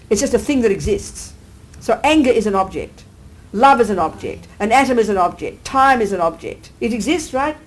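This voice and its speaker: A woman Buddhist teacher giving a live talk, animated, often asking her listeners whether they agree and acting out everyday exclamations. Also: mid-range voice, rough recording. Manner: acts out everyday exclamations with sudden lifts. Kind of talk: live dharma teaching to an audience.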